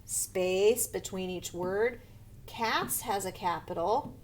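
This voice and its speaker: A woman teaching a first grade grammar lesson in a slow, patient voice, and now and then she whispers a quick aside to herself. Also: a little hiss or hum. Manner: slow, patient teacher voice, sometimes lifts her pitch to show an excited sentence. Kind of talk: recorded online grammar lesson.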